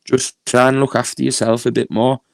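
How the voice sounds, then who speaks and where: A man's voice: medium pitch, little pitch movement, brisk, creaky, dry recording. A man with a Northern English accent chatting casually on a live stream, laughing often and reading chat comments aloud. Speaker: YouTube streamer.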